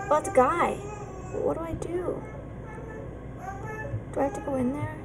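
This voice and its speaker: A woman's voice: sits high, moderate pace, pauses often, very noisy. A woman hosting a horror game let's play, nervous and hesitant, with many ums and pleading asides. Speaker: gaming channel host.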